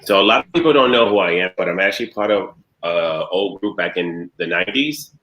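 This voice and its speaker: Deep-voiced middle-aged man in a roomy room. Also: animated, fairly quick, fairly bright tone, dull audio. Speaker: guest, musician. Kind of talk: casual interview.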